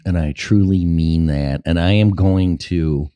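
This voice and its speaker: A man with a very low voice hosts his own live show in a rambling, profane way, often talking to himself. He speaks slowly and unhurriedly. His voice is heard dry and close to the mic. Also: mellow, clear, resonant tone, dry recording. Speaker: show host. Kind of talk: casual live show monologue. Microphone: headphones and mic, checked aloud.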